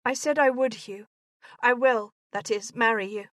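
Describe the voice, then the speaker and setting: A woman's voice: fairly high pitch, moderate pace, fairly bright tone, dry recording, studio quality, pitched above the performer's own voice, close to an everyday voice. A woman voicing a headstrong, wary young lady with short guarded replies in a romance audiobook.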